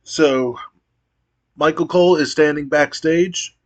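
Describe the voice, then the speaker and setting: A man's voice: on the high side, slow pace. A man narrating a wrestling sim playthrough as a game streamer, giving a play-by-play recap with casual asides.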